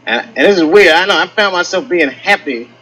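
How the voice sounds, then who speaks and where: A man doing a stand-up comedy set on stage, telling stories with lively acted-out quotes. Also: sits high, fairly quick, poor audio. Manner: animated storytelling with acted-out quotes. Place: comedy stage with live audience.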